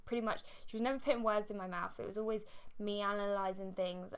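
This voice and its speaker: A young woman telling a personal story to camera in a candid, halting way. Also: medium pitch, steady tone, clean tone. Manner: candid, halting, with fillers and frequent laughs. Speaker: vlogger.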